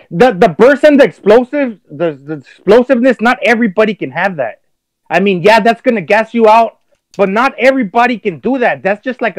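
Earnest high-voiced man. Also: no room sound, poor audio. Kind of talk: casual podcast chat.

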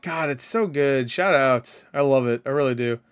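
A man hosting a casual reaction video, talking excitably, swearing and laughing at what he sees. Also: medium pitch, moderate pace, clean tone, soft background music. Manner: excitable, swears often, laughs and yelps at jump scares.

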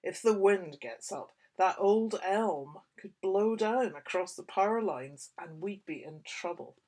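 A woman's voice: mid-range voice, expressive, a little slow, darkish tone. A woman voicing a stern, worried farm dad.

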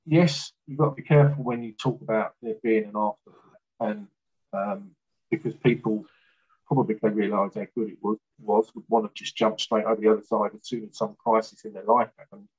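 A man recounting an experience as a guest, talking haltingly with fillers and restarts. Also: on the low side, a little mellow, slightly rough, dull audio. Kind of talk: casual storytelling in an interview.

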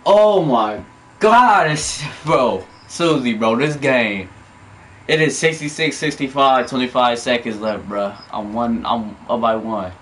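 A young man giving live commentary on his own basketball video game, swinging between loud yells and muttered groans. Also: mid-range voice, slow pace, a little hiss or hum. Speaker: gamer.

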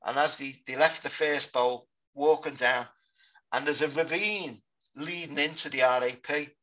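Man, 50s, from Britain, veteran guest, halting sober storytelling, crisp bright tone, muffled recording. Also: a little high. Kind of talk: interview storytelling. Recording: dull lo-fi podcast audio.

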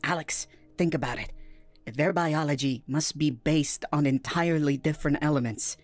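A woman's voice: low-pitched, normal speed, soft background music, close to an everyday voice. A woman voicing an anxious female scientist who speaks in an urgent, pressing way, in a scripted audio story.

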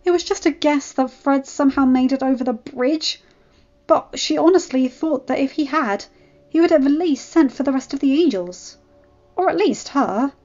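A woman narrating a fan fiction story in a steady reading voice. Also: high-pitched, normal speed, dull audio.

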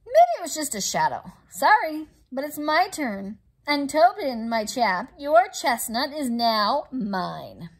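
A woman voicing a small, cheeky male chinchilla who cheats at a game, in a quick, sly manner. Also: sits high, big pitch swings, breathy edge, exaggerated voice.

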